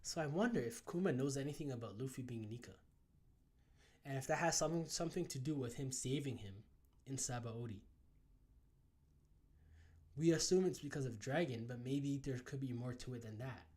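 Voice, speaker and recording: A young man hosting a live comic readthrough, reacting in casual, excited chat. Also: mid-range voice, normal speed, long pauses. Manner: casual, excited, says bro. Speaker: reaction video host.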